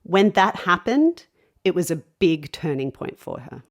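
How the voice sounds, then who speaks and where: A woman interviewer narrating and asking questions in a measured way. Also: lowish voice, big pitch swings.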